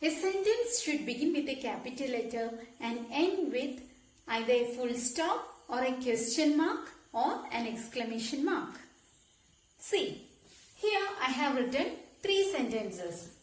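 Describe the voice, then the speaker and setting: Woman, teacher, slow deliberate pace, repeats and checks understanding. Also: high voice, expressive, echoey room. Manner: slow, repetitive explaining with frequent "okay?" checks. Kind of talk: classroom lesson.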